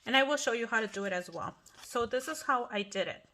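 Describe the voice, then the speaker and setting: A woman's voice: a little high, animated, fast talker, bright, forceful tone. A middle-aged woman hosting a casual craft tutorial at home, chatty and apologetic, often restarting her sentences. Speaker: craft channel host.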